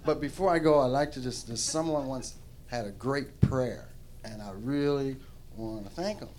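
A comedian putting on a low, weary God. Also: male voice, normal speed, a little mellow, a little hiss or hum, natural voice. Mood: polite. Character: weary soft-spoken male God. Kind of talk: stand-up comedy bit. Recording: live audience laughter.

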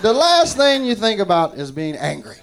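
High-voiced man rambling on a club stage. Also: big pitch swings, moderate pace, noisy background. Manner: rambling, profane, laughing between lines. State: dry mouth. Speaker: stand-up comedian. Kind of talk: stand-up set. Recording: live club recording with loud crowd. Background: audience reacting.

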